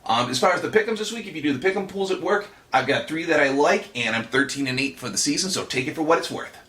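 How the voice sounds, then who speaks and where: A wisecracking puppet bookie, as a man puts him on, runs through his weekly fantasy football picks with a bright, edgy tone. His pitch bounces around lively as he teases the audience like kids. He sounds sure of himself and a little smug. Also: quick pace, soft background music. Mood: wry, confident. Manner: wry and teasing, talks down to viewers as kids. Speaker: puppet host of a fantasy football tips show.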